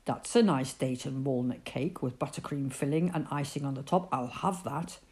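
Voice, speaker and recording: A woman voicing an unseen, greedy night burglar who mutters quietly. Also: rumbling low, normal speed. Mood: muttering.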